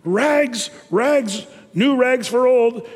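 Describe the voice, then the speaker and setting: A gentle, strong young ragman calls softly through the streets, offering new rags for old. A preacher with a high voice puts him on as he reads aloud. The voice carries a long hall reverb. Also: expressive, fast. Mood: gently calling. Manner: gentle, calling out.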